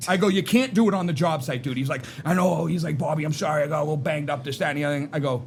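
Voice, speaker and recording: High-voiced man telling a story. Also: rapid-fire, creaky, a little hiss or hum. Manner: animated, tags lines with "right?" and "you know what I mean?". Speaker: podcast guest. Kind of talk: casual storytelling.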